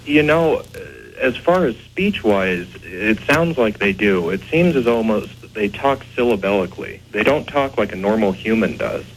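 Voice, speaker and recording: Male guest, low voice, hesitant explainer, faint background noise. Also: expressive, moderate pace, poor audio. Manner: hesitant, filler-heavy. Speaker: guest, ghost investigator. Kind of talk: interview answers.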